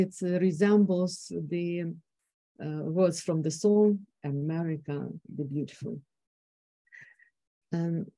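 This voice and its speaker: Slow, mellow-voiced woman with a Ukrainian accent. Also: lowish voice, no room sound. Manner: hesitant, many fillers and restarts, quotes speeches in an emphatic voice. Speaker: conference speaker. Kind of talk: academic presentation on speech intonation.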